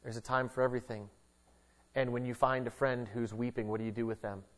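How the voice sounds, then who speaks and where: A middle-aged man, a pastor, giving a conversational sermon with casual jokes, moving between lively emphasis and hushed earnestness. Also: medium pitch, fast.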